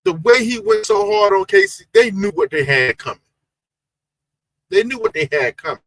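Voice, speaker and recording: A man co-hosting a reality TV recap chat, animated, emphatic and full of slang. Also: high voice, normal speed, no echo, low-quality recording. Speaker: co-host of a reality TV recap show. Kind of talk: casual chat.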